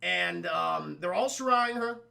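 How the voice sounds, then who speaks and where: A man's voice: high voice, a little slow, creaky, bright, forceful tone. A young man doing a profane, rambling film review for his stream chat, often addressing chat directly. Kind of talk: casual spoken film review.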